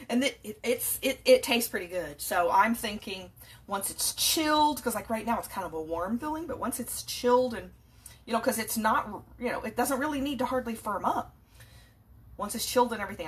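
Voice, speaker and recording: A woman's voice: on the high side, fairly bright tone, slightly rough. A woman chatting casually as she cooks in her home kitchen, rambling a little and restarting her sentences, recorded on a phone. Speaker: home cook.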